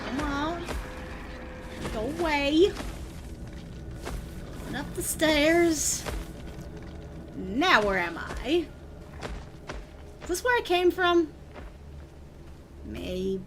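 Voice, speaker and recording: A woman streaming a game, chatting along, muttering to herself and breaking into sudden yells. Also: high voice, background noise. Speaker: vtuber streamer. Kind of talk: gameplay commentary.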